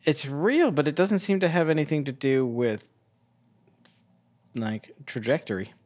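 A man's voice: a little high, lively intonation, unhurried, a little mellow, dry recording. A man co-hosting a podcast, casually recapping a TV episode with lots of fillers and restarts. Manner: rambling, many uh fillers and restarts. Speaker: podcast co-host.

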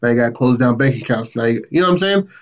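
A man co-hosting a podcast, casually retelling a story plot and acting out the characters' lines with a raised voice. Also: very fast. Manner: animated retelling, acts out quotes with raised pitch. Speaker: podcast co-host. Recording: muffled, lo-fi podcast audio.

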